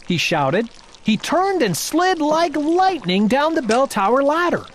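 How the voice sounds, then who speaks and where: A woman narrates a children's storybook aloud, her voice lively and rising and falling with the action. It sits slightly high. A faint hiss runs under the recording. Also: unhurried. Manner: expressive, animated narration.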